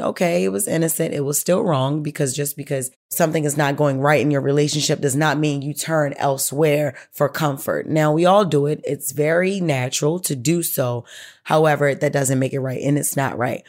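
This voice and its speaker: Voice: mid-range voice, a little mellow. An advice-show host giving a listener profane, emphatic advice and calling her baby girl.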